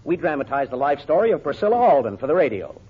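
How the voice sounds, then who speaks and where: A man playing a brisk, wisecracking magazine writer in a 1940s radio comedy. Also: on the high side, sing-song, slightly rough, phone-quality sound. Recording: hissy old radio broadcast.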